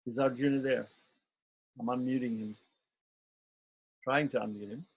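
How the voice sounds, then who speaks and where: A man's voice: mid-range voice, fairly even intonation, normal speed, breathy edge. A man teaching pronunciation in an online class, patiently drilling and overemphasizing each syllable. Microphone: video call.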